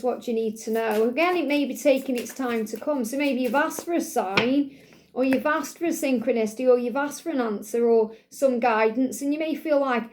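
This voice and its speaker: A woman giving a spiritual tarot and oracle card reading, in a gentle, repetitive, soothing way. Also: on the high side, background noise.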